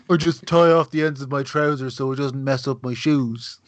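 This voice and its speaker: A man's voice: mid-range voice, steady tone, normal speed. A man playing in a tabletop game, joking around in casual chat. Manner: joking, laughing. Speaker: player. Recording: dull lo-fi audio.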